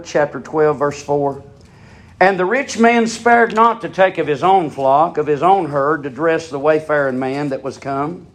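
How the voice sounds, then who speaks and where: A man preaching a sermon with fervor, asking his listeners question after question and swinging from loud, high peaks down to low, quiet asides. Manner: fervent, rises to high shouting peaks then drops low; asks the congregation rhetorical questions.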